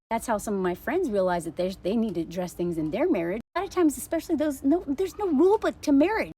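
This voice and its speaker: A woman's voice: medium pitch, a little mellow, slightly rough. A woman in her thirties giving casual, blunt and sarcastic commentary on a dating show. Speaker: social media commentator.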